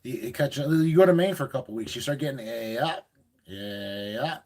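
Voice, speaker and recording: A man chatting casually on a livestream, telling stories in a gruff, joking, profane way. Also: a little high, expressive, fast, a little mellow.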